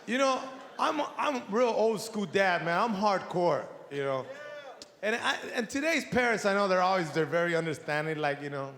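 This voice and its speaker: At a moderate pace and in a high-pitched voice, a middle-aged man runs through a stand-up routine for a live audience. He is profane and animated, imitating his family's voices. The recording captures an echoey hall with the audience present.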